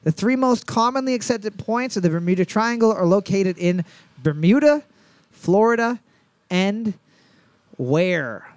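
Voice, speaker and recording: High-voiced man reading quiz questions. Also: animated, smooth, no room sound. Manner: joking, reads questions twice, slows down to read. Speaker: quiz host. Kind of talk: casual comedic trivia chat.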